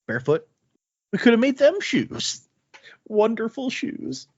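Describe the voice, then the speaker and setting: A man's voice: sits high, big pitch swings, unhurried, husky, no echo, lo-fi sound, voice pushed up, full character voice. A man voicing a fussy, put-upon male plant spirit who complains and whines. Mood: whiny. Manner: whiny, complaining.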